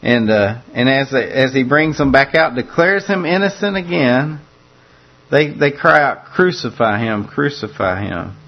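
A man's voice: medium pitch, expressive, measured pace, dull audio. A man preaching a conversational sermon that walks through a scripture passage, often repeating words as he restarts his phrases.

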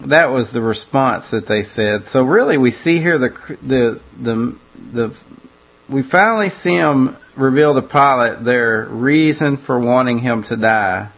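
A man's voice: mid-range voice, measured pace. Casual guy preaching through a bible passage, repeats himself, kinda muffled recording. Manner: conversational, repeats words and restarts phrases. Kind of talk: expository sermon on scripture.

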